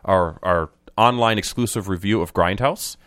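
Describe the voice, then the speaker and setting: A man's voice: deep voice, normal speed, fairly bright tone, no echo, clean studio sound. A man co-hosting a podcast, chatting casually and joking with his co-hosts in a rambling way. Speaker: podcast co-host. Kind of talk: casual chat.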